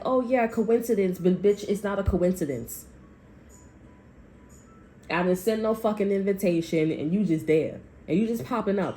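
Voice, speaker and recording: A woman's voice: fairly low pitch, warm tone, a little hiss or hum. Blunt, foul-mouthed woman tarot reader. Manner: blunt, heavy swearing; rambling, repeats herself. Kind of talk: casual tarot reading.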